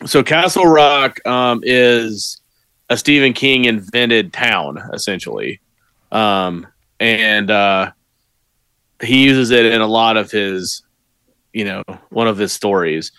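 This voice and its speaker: A man's voice: lowish voice, slow pace, bright, forceful tone, clean tone, no room sound. A man co-hosting a podcast, chiming in with agreement and bits of movie trivia in a casual way. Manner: adds trivia, affirming, with fillers. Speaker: podcast co-host.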